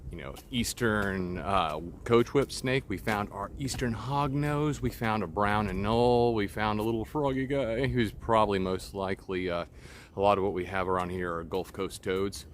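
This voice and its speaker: A man's voice: fairly low pitch, moderate pace, slight background noise. A man out of breath on an outdoor trail, talking casually with many fillers. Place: outdoors on a hot park trail.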